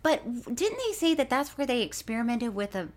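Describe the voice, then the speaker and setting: Animated, high-voiced woman telling stories. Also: a little fast. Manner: animated storyteller, often laughing. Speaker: podcast co-host. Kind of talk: casual chat.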